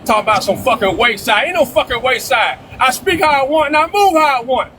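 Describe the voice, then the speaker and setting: A man with a very high-pitched voice argues on a live-stream panel, shouting and swearing, stumbling over repeated words. He keeps cutting across the others. The phone-app audio carries steady background noise. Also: a little fast, hardly any pauses. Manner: loud, profane and repetitive, talking over others. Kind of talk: heated live-stream argument.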